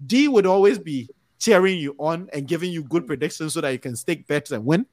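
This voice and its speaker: A man hosting a podcast sign-off, talking in an upbeat, cheering-on way that rambles and restarts. His voice sits fairly high for a man. The recording is dry and close, with no room sound. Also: expressive, brisk, a little mellow, dry recording. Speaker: podcast host.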